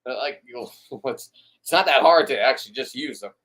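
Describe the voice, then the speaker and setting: A man's voice: mid-range voice, lively intonation, brisk, fairly bright tone. Rambling, blunt man chatting on a live stream. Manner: rambling and blunt, with stammered restarts and swearing. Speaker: fisherman hosting a live stream. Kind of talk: casual live-stream chat.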